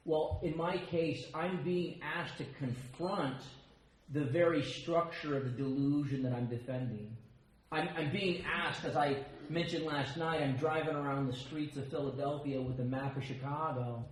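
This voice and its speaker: An American man giving a personal share at a recovery meeting, telling stories with quick asides and self-mocking humor. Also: on the high side, a little hiss or hum. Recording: very echoey room with faint ambience.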